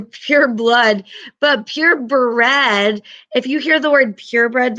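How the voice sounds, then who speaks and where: A woman's voice: on the high side, fairly bright tone, lo-fi sound. A woman teaching a class, patiently explaining and often checking in with her students.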